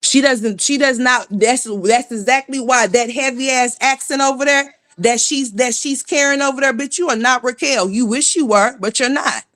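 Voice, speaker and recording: A woman's voice: high-pitched, normal speed, hardly any pauses, a bit bright. Blunt, profane woman ranting on a livestream. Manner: greets chat viewers by name mid-rant. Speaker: livestream commentary host. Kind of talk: ranting gossip commentary.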